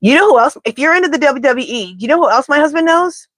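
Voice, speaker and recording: A woman reading tarot on a live stream, chatting and rambling as she talks to her viewers. Her voice sits a bit high. The sound is dry and close, with no room echo. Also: expressive, fast, fairly bright tone. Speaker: tarot reader. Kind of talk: casual live-stream chat.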